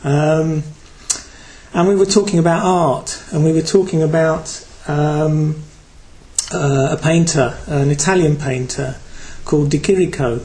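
A man's voice: a little high, fairly even intonation, a little slow, darkish tone, low-quality recording. A man from Britain giving a Buddhist talk to a group, reflective and hesitant, with many fillers. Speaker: Buddhist teacher.

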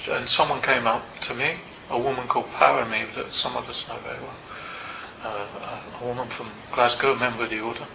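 An older man, a meditation teacher, tells a personal story to a group in a Buddhist centre, in a reflective and unhurried way with small asides. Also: medium pitch, noisy background. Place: Buddhist centre meeting room. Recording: roomy, slightly dull hall recording.

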